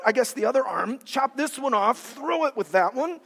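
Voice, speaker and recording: A male preacher giving a sermon in an animated, dramatic way, acting out quotes with different voices. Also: very high-pitched, normal speed, few pauses. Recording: long reverb of a large hall.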